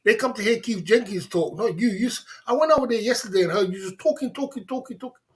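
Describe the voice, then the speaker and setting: Tipsy and laughing, a fast-talking livestream host with a high voice goes off on a rambling, casual rant. He swears freely and keeps circling back to the same points.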